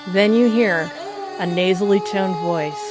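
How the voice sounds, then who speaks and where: A woman's voice: on the low side, measured pace, music in the background. A woman hosting a podcast, casually telling spooky folk tales with a playful, laughing manner. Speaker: podcast host. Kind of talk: casual storytelling chat.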